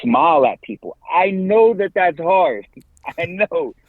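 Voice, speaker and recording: A man in his forties, a podcast guest and campus minister, talking in a lively, slangy way and laughing often. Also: high voice, takes it slowly, dry recording. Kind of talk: casual interview talk. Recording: tinny phone-like line, dry.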